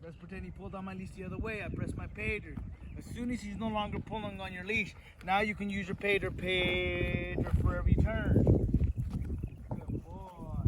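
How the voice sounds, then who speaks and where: A man with a fairly high voice gives an outdoor dog-training lesson, explaining each step to viewers and calling praise and commands to the dog between remarks. He sounds distant from the camera, with loud background noise over the whole recording. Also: fairly even intonation, brisk.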